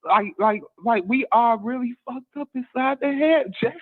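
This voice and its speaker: A man's voice: very high-pitched, normal speed. A man guest on a call-in show, ranting in an exasperated way and repeating himself as he goes. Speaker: guest podcaster. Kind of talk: casual ranting commentary. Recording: tinny phone-like line.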